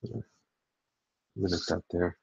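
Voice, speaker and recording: Male artist, casual drawing-stream talk, low gravelly voice, husky edge, dull lo-fi mic. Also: fairly even intonation, slow, dry recording. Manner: humming and muttering while drawing, joking with viewers.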